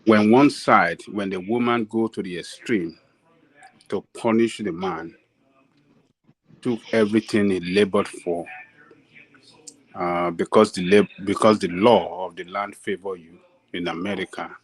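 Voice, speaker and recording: Slow, low-voiced Nigerian man. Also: fairly even intonation, dry recording, poor audio. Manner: slow, halting, many fillers. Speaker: guest commentator. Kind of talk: casual commentary.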